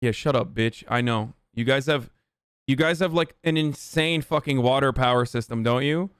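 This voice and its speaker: A man's voice: mid-range voice, moderate pace, fairly bright tone, clean tone, no room sound, studio quality. Male streamer, profane and ranting, clean resonant voice with no room sound. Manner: reads viewer chat aloud and answers it. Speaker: livestreamer. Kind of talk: livestream rant and chat replies.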